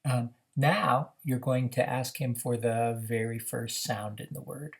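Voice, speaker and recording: A man teaching how to run a reading activity, explaining in a measured way with frequent "uh" fillers. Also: mid-range voice, steady tone, creaky. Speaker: reading program instructor. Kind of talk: instructional demonstration.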